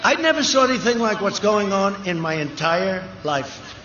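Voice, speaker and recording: A man's voice: high-pitched, sing-song, moderate pace, pushed and bright, muffled recording. A man giving an off-the-cuff speech at a large outdoor rally, emphatic and repetitive, with rambling asides. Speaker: political rally speaker. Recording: echoey PA sound at a rally, cheering crowd behind. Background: crowd cheering.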